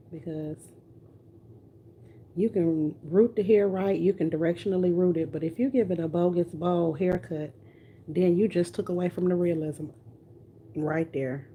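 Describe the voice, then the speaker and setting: A woman's voice: on the low side, fairly even intonation, unhurried, pauses often, phone-quality sound, slight background noise. A woman with a light country twang, chatting casually on a livestream while she works on a reborn doll. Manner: chatty, talks while rooting doll hair.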